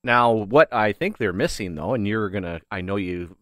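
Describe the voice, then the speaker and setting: Guy cohosting sports radio, lowish voice, goes up and down a lot, jokey, dry studio sound. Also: moderate pace, no echo. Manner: jokey, animated, says "eh". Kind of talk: casual sports talk.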